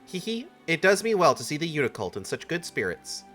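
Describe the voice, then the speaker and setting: A courtly, ceremonious game official, as a man puts him on. The formal, old-fashioned phrasing rises and falls in wide, lively swings. The tone is bright and forward, with faint music behind. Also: fairly high pitch, a little fast, voice pushed up. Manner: stately, archaic phrasing. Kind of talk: reading game dialogue aloud.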